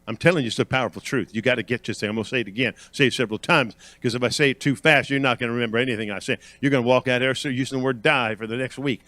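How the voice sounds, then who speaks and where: A man's voice: mid-range voice, lively intonation, fast talker, fairly bright tone, dry recording. A man preaching a sermon at church, emphatic and repetitive, calling out questions to the congregation and building in intensity. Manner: emphatic, repeats phrases with rising intensity, quizzes the congregation. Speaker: guest preacher.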